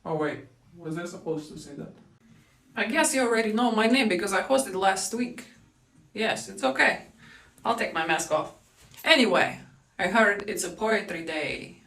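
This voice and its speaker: A woman's voice: medium pitch, expressive, normal speed, a bit bright, roomy sound. A performer voicing a sneaky female hacker villain who cackles and talks smugly, played back from a distance.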